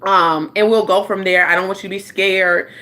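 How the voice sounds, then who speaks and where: A woman's voice: mid-range voice, steady tone, normal speed, bright, forceful tone. A rambling, chatty woman, talking to her livestream viewers. She speaks into a phone at home, loose and conversational, like a life coach catching up with her audience. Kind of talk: casual livestream chat.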